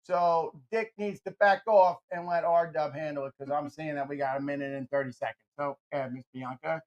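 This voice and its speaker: A man's voice: fairly high pitch, fairly even intonation, normal speed, muffled recording. A man hosting a radio talk show, bantering casually and joking with energy, often restarting his sentences.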